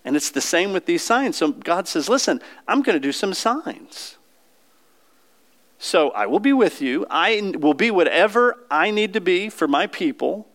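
A man's voice: sits high, sing-song, moderate pace, a bit bright. A man preaching a sermon in a conversational way, often asking the congregation questions.

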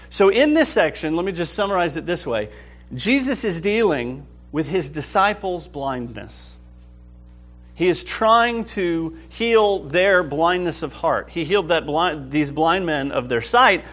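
A man teaches a lively Bible study class with enthusiasm, frequently checking whether the group is keeping up. His voice is on the high side and a bit bright.

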